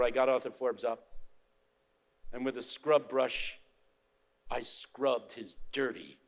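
An older man telling a story in a sermon, a preacher and professor who swings from hushed tones to shouting. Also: mid-range voice.

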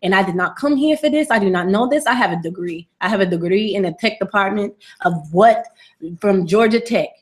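A woman's voice: medium pitch, fairly quick, close to an everyday voice. Comic bit: frazzled female tech-worker organ, voiced by a woman, indignant and rambling. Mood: exasperated. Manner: exasperated rambling complaint.

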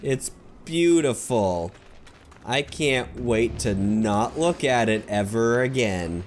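A man's voice: medium pitch, animated, slow pace, slight background noise. A man giving sarcastic, joking commentary while playing a horror game, talking back to the characters and yelping and swearing when startled. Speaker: gaming video host. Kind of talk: let's play commentary.

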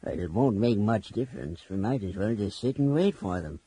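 A man reading an audiobook, voicing a pessimistic old dwarf with a low, husky voice. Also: expressive, moderate pace, mellow. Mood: grumbling. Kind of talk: audiobook character voice.

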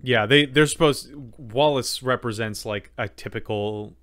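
A man at middle pitch who riffs and jokes his way through a casual podcast chat. He stumbles through fillers and restarts. The sound is dry and close. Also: a little slow, fairly bright tone, dry recording. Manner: joking, rambling, lots of fillers and restarts. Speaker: podcast co-host.

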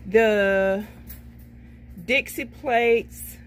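A woman's voice: fairly high pitch, drawn-out words. Chatty woman reading out a long receipt. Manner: chatty, folksy, says "okay, baby" to herself. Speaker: vlogger showing a shopping haul. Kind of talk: casual haul video, reading a receipt.

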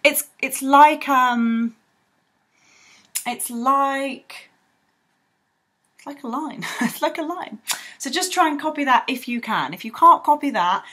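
A woman's voice: high voice, slow pace, long pauses, a bit bright. A young woman teaching children to draw in a bubbly, rambling way with playful sound effects. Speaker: art tutor. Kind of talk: drawing tutorial for children.

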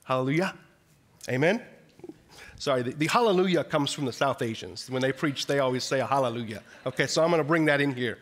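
A man's voice: mid-range voice, lively intonation, fast, fairly bright tone. A man, a missionary, giving an earnest chapel sermon with frequent restarts. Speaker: missionary speaker.

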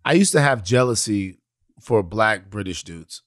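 A man co-hosting a podcast, chatting casually, rambling with halting restarts. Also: fairly low pitch, animated, fairly bright tone, dry recording, studio quality. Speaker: podcast co-host. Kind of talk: casual chat.

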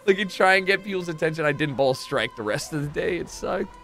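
A young man streaming, telling a story casually to his chat, swearing freely and acting out the moments, rising to shouts. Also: on the high side, expressive, quick pace, vocal fry, faint music behind.

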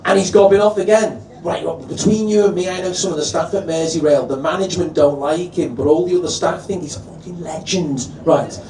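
A man's voice: on the high side, a little fast, few pauses, a little mellow. A man with a Liverpool accent compering a live stand-up set, swearing freely and teasing the crowd. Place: live comedy venue. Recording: echoey venue from a distance.

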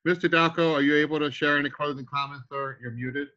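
A man's voice: a little high, fairly even intonation, moderate pace, pushed and bright. A man hosting a weekly team training call, effusive and calling people sir and brother. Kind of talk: motivational conference-call hosting. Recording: slightly muffled call audio.

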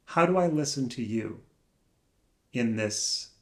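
A man musing aloud alone in a room, soft-spoken and searching, speaking in halting phrases that trail off into pauses. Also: medium pitch, animated. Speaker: vlogger. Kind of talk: slow reflective musing.

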